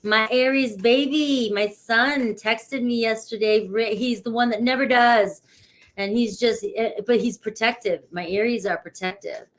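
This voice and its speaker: A woman's voice: fairly high pitch, fairly even intonation, a little slow. A middle-aged woman from New England who reads tarot, chatting casually on a live stream and greeting viewers by name in a rambling way. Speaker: tarot reader.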